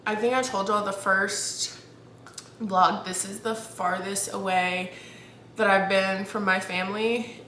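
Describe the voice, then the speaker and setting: A young woman vlogs from her bed, talking candidly into a camera she holds up. She is close to tears and keeps restarting her sentences. Her voice is bright, and the room is echoey with a faint hum behind her. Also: medium pitch. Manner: candid, halting, restarts, laughs through near tears. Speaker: vlogger. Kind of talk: casual vlog talk to camera. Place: at home, in bed. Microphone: camera held up.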